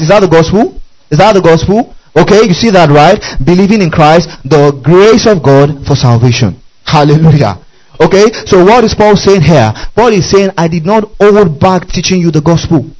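A man's voice: high voice, darkish tone, rough recording. A man preaching a teaching sermon, working through scripture and constantly asking his listeners if they follow. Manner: questioning the congregation constantly. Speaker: pastor.

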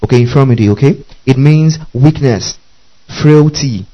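A man's voice: medium pitch, moderate pace, lo-fi sound. A man preaching a teaching sermon, repeating key phrases, spelling words letter by letter and often asking listeners if they follow. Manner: frequent checking questions to listeners.

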